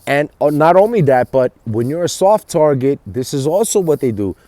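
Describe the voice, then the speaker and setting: A man rambling straight to camera, cursing often and breaking off mid-sentence to start again. His pitch rises and falls a lot, his tone is dark and mellow, and the sound is dry and close. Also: very animated, normal speed, dry recording. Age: adult with children. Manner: rambling, heavy swearing, frequent restarts. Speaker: vlogger. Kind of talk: casual monologue.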